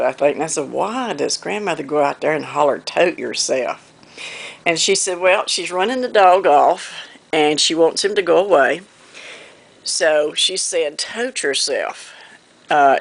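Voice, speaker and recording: A woman's voice: on the low side, gravelly. A woman from North Carolina with a Southern accent, chatting casually to her viewers while hand quilting. She rambles in a folksy way and often trails off before picking the thread back up. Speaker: quilting vlogger.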